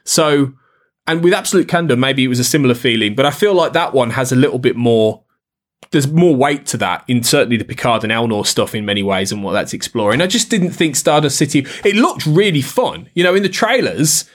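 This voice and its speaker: A man's voice: medium pitch, expressive, brisk. Hesitant man reviewing a TV episode. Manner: hesitant, repeats words while searching for them. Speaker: podcast co-host. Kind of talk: casual critical discussion.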